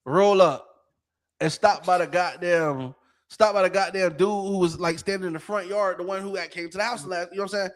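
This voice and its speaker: A man from Florida with a notably high voice spins a story on a casual podcast. He swears constantly and keeps the telling animated, checking in with his listeners over and over. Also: fairly quick. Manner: profane and animated, repeating "you know what I'm saying". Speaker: podcast co-host.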